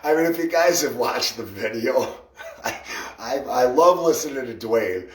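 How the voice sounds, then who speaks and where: Male livestream host, mid-pitched, chatty and rambling, laughs a lot, greets commenters; roomy, slightly distant sound. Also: animated, measured pace. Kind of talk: casual livestream chat. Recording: echoey room, voice a bit off-mic.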